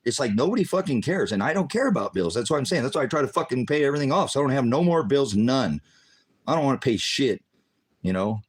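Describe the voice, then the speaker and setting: Tired older guy with a lowish voice, cussing nonstop, venting about being let down. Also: husky. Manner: profane, bitter, swinging between shouting and muttering. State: tired, worn out. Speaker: vlogger. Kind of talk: angry personal rant.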